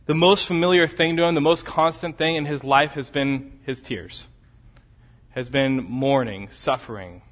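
A man preaching an expository sermon. He repeats key phrases for emphasis and swings between loud, urgent peaks and quiet, low drops. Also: a little slow, long reverb tail.

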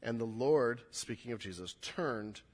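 A man's voice: medium pitch, lively intonation, measured pace, breathy edge. A man preaching a sermon, acting out quoted lines with rising intensity. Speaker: pastor.

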